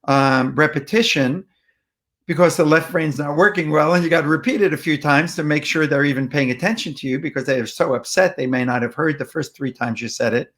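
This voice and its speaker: A man giving a patient, plainspoken explanatory talk on how to speak with upset people and toddlers, often pausing with ums and restarting phrases. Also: fairly high pitch, a bit bright. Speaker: parenting communication speaker.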